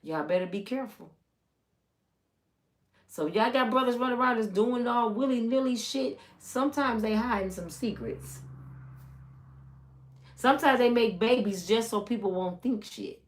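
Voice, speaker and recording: A woman's voice: fairly high pitch, normal speed, long pauses. A middle-aged woman from the United States chatting casually and teasingly as a channel host, drawling and chatty. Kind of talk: casual gossip commentary.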